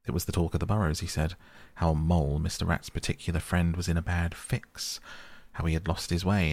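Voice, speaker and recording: A man voicing a cheerful, bold male otter who tells a lively story. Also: low voice, vocal fry, breathy edge, no room sound, exaggerated voice.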